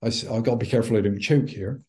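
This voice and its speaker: A middle-aged man, a podcast guest, telling a personal story in an animated way and acting out the dialogue. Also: mid-range voice, rapid-fire. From United Kingdom. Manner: animated, acts out quoted dialogue. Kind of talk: anecdotal storytelling.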